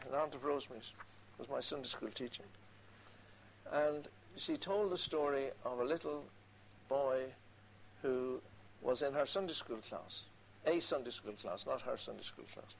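An older man delivers a sermon in a somewhat high voice. He reads scripture slowly and adds conversational asides between the verses. A faint hiss sits under the recording. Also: low-quality recording. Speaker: preacher.

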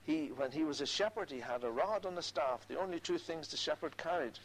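Earnest preacher with a higher man's voice. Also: expressive, brisk, a little hiss or hum, poor audio. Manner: earnest, quoting scripture with repeated emphatic phrases. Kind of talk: sermon.

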